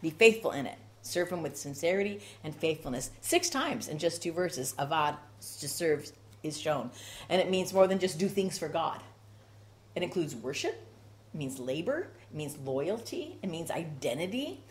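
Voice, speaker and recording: A woman's voice: low-pitched, very animated, normal speed. A woman preaching a sermon with rhythmic repetition and strong emphasis.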